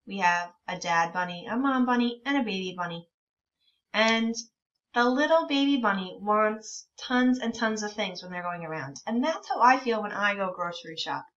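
A woman teacher leading a reading lesson for young children, encouraging them and reading words out very slowly. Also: mid-range voice, expressive, a bit bright, recorded from a distance. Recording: dull lo-fi sound from a bit away from the mic.

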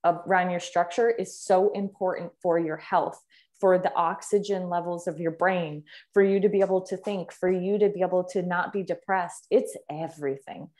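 Enthusiastic woman, slightly low voice. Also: fairly even intonation, normal speed, darkish tone. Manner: enthusiastic, emphatic, repeats words for stress. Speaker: fitness trainer and guest. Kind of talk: conversational podcast interview.

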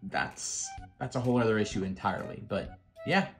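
A man's voice: fairly low pitch, expressive, a little fast, a bit bright, soft background music. An American man in his fifties, a former Marine, telling a casual anecdote with wry asides to the listener. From United States.

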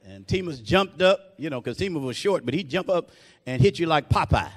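A man preaching a sermon, often breaking in with "praise God", getting louder and slower on key lines and dropping low and soft for asides. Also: animated, big-room sound, a little hiss or hum. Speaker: pastor.

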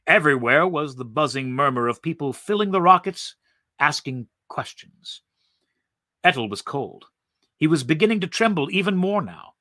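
A man reading a story aloud in a slow, expressive, vivid way. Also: a little high, no echo, clean studio sound.

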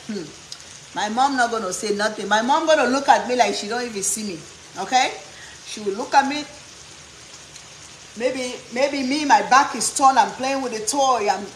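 A woman from Africa with a fairly high-pitched voice tells funny stories while cooking in her home kitchen as a cooking vlogger, animated and humorous. The kitchen sounds echoey, with faint cooking noises and a little hiss or hum.

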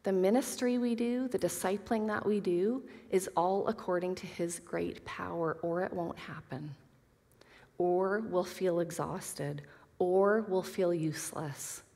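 A woman's voice: fairly low pitch, steady tone, unhurried, dark tone. A woman teaching a Bible study to a women's group, earnest, reading scripture aloud with casual asides. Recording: long reverb of a hall.

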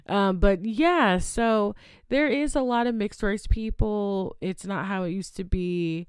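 A woman's voice: mid-range voice, slow, clean tone, no room sound, studio quality. A young adult woman hosting her own podcast in a casual, chatty way, often adding "okay?" to her points. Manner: chatty, adds "okay?" tag questions. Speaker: podcast host. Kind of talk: casual solo podcast chat.

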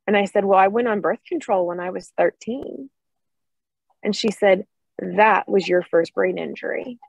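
A woman giving an earnest, animated personal testimony to an online support group. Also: medium pitch, normal speed, vocal fry, husky, dry recording, poor audio. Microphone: video call.

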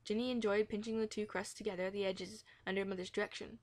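A woman reading a children's chapter book aloud in a gentle manner, now and then correcting herself. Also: medium pitch, little pitch movement, quick pace. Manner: gentle, with occasional self-corrections. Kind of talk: storybook read-aloud.

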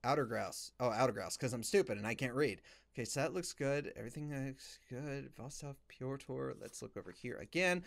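A man's voice: mid-range voice, animated, a little fast, gravelly. A young man giving let's play commentary, muttering as he reads documents aloud. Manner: muttering while reading game documents aloud. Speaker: gamer.

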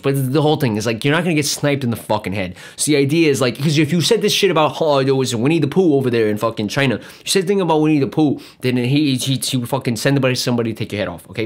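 A man hosting a podcast, ranting in a rambling, profane, sarcastic monologue. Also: medium pitch. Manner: profane, rambling, sarcastic, jumps between mock voices. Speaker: podcast host.

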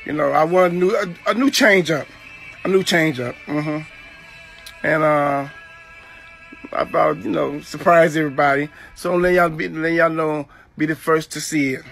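A man talking casually to his viewers in a relaxed way, filling with "you know". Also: fairly high pitch, moderate pace, gravelly, faint music behind. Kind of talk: casual vlog talk to viewers.

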